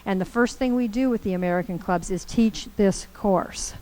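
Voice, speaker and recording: A woman's voice: mid-range voice, normal speed, a little mellow, low-quality recording. A woman trainer giving a conversational, upbeat lecture to a group in a meeting room. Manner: conversational, upbeat, storytelling with acted quotes. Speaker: course trainer.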